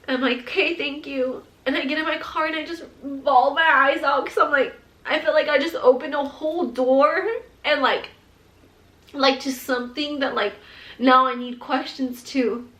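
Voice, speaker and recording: A woman's voice: high-pitched, fairly even intonation, moderate pace, bright, forceful tone. A woman sharing her own experience in a candid vlog, rambling and emotional and filling her speech with "like". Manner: rambling, heavy use of "like", emotional and open. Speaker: mother sharing her postpartum depression story. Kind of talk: candid personal storytelling vlog. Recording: roomy echo.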